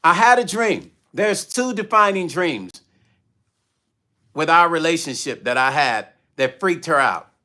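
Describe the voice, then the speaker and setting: A man's voice: on the high side, expressive, a little slow, pushed and bright. A middle-aged man telling a personal story on a casual livestream, with passion and many repeated phrases. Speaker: music vlogger on a livestream.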